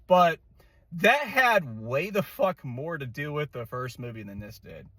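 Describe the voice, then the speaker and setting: A man's voice: medium pitch, sing-song, measured pace, sharp tone, slightly rough, dry recording. A man giving an exasperated, profane movie rant, full of swearing, fillers and restarts. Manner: rambling with many fillers and restarts. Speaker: movie reviewer. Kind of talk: angry casual rant.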